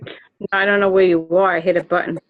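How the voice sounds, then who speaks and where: A woman's voice: fairly low pitch, flat delivery, a little fast, no room sound. Woman student, hesitant and brief, heard on a dull, lo-fi recording. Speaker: class participant. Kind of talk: casual class talk.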